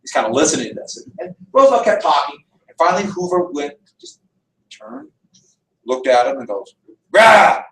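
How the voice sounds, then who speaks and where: Guy lecturing history in an echoey hall, mic far away, animated storyteller. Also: a little high, brisk. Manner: lively storytelling, acts out quotes. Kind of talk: classroom lecture.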